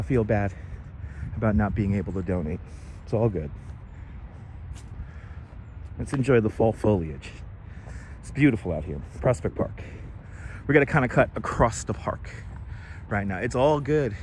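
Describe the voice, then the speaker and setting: A man's voice: lowish voice, moderate pace, pauses often, a little hiss or hum. A middle-aged man, chatting casually on a live stream as he bikes through a city park on a lapel mic, reading out and thanking viewers. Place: outdoors in a city park, riding a bike. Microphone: wireless lapel mic.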